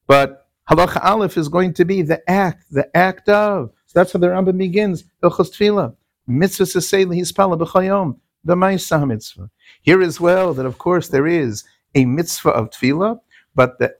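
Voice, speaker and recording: A man's voice: fairly high pitch, dry recording, studio quality. A man teaching a Talmudic lecture, repeating key terms and asking rhetorical questions. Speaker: Torah teacher.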